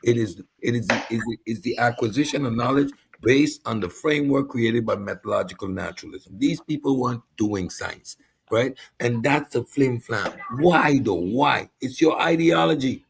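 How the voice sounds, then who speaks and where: Gravelly guy making his case hard on a chill talk show, bit of hiss. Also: medium pitch, normal speed. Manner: argumentative, emphatic. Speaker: co-host. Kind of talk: casual debate commentary.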